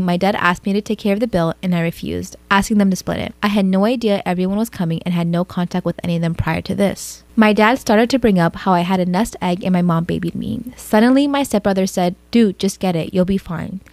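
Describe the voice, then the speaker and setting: A woman's voice: mid-range voice, fast talker, hardly any pauses, darkish tone, dry recording. A woman reading posts aloud in a storytime vlog, breaking in with blunt, sweary comments. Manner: blunt, swears freely in reactions. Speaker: storytime vlogger.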